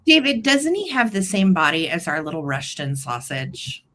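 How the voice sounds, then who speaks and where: A woman co-hosting a live vintage sale, gushing with excitement over her finds and laughing often. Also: sits low, moderate pace, slight background noise. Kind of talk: casual sales chat.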